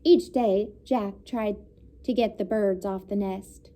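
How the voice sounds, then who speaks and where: A woman teacher reading a picture book aloud to young students, pausing to comment and explain. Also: medium pitch, steady tone, mellow. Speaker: elementary school teacher. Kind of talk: children's read-aloud.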